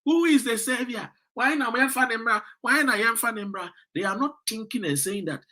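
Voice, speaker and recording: A Ghanaian man delivers fired-up political commentary in a high, sharp voice with a husky edge. He lectures his listeners, firing rhetorical questions and scolding them as he reads out their comments. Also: lively intonation, normal speed, few pauses. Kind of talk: impassioned political commentary, reading out viewer comments.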